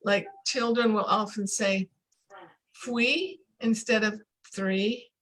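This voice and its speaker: A woman's voice: medium pitch, little pitch movement, a bit bright, low-quality recording. Older woman coaching pronunciation. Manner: explanatory, demonstrates pronunciation slowly. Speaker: accent coach. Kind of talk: casual interview chat. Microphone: video call.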